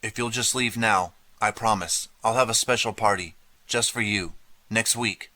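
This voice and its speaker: A man's voice: on the low side, steady tone, moderate pace, pushed and bright, no room sound. A man voicing a proud, angry teenage girl hosting a party, icy and tense, in an audiobook.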